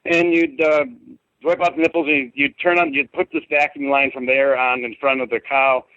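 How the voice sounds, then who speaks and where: A man's voice: medium pitch, flat delivery, normal speed, pushed and bright, dry recording. Middle-aged man on a tinny phone line. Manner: rambling, colloquial, emphatic. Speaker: podcast guest. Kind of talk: telling a personal story. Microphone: phone call.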